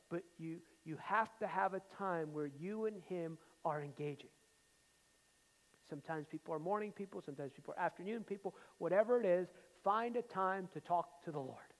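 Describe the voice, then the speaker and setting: A man preaching a sermon, telling stories with emphasis and then dropping into quiet asides. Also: sits high. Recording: long hall reverb.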